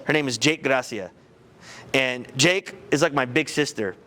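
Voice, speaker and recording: A man giving a motivational talk to high school students, telling a personal story in an animated, conversational way. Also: moderate pace. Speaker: guest speaker.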